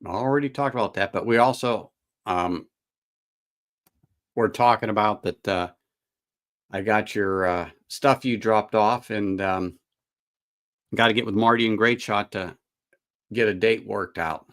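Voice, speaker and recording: With a lowish, somewhat bright voice, this whiskey channel host speaks at a measured pace with long pauses. The middle-aged man rambles in a folksy way on his casual livestream, responding to viewer comments.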